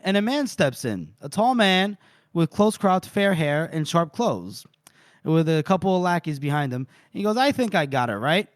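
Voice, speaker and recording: A man's voice: high-pitched, moderate pace, dry recording. A man retelling a novel with relish, in a dry close sound. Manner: animated retelling, reading out and voicing quotes. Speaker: podcast co-host. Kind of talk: casual book-recap chat.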